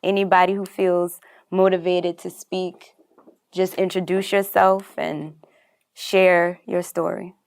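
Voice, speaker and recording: A woman facilitating a gathering, inviting others to speak in a slow, welcoming way. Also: fairly low pitch, flat delivery, vocal fry. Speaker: event facilitator.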